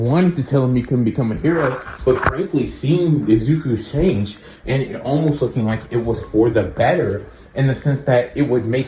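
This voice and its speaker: A man casually narrating a fan-made story in a rambling way, full of fillers. His voice is mellow and soft. Faint noise sits behind him. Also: mid-range voice, low-quality recording.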